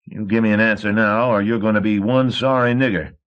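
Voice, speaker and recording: A man voicing a sneering young male thug who spits out rough threats in dialect. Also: fairly low pitch, fairly even intonation, brisk, voice pushed up, natural voice. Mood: menacing. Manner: harsh rough-spoken threats in rural dialect. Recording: dull old cassette tape.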